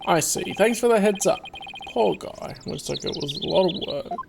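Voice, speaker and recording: Animated woman narrating a game. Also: on the low side, moderate pace, gravelly, background noise. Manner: casual, amused, reads along. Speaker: gaming host. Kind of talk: game playthrough commentary.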